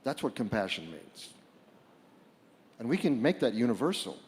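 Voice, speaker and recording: A man giving a reflective public talk to a live audience, halting and repeating words, at times rising to loud bursts. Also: mid-range voice, very animated. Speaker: speaker at a book fair panel. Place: large hall before a live audience. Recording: long hall reverb.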